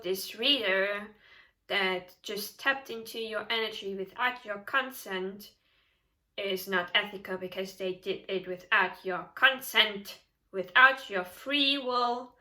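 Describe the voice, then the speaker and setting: A woman tarot reader giving casual vlog advice, animated and emphatic, often laughing. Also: mid-range voice.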